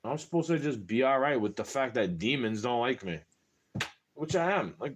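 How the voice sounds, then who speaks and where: A man's voice: mid-range voice, expressive, normal speed, slightly rough. A young man venting in a rambling, casual monologue to camera, frustrated and full of slang. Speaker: vlogger.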